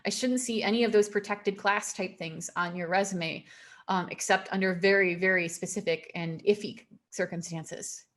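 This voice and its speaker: Woman doing a resume webinar on a call, emphatic, says stuff twice, mid pitch. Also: steady tone. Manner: emphatic, repeats warnings, quick laughs. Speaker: webinar presenter.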